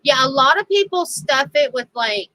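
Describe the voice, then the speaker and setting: Chatty bright-voiced woman. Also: high voice, moderate pace, dry recording, rough recording. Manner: chatty, laughs often, animated quoting. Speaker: crafting channel host. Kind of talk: casual storytelling chat.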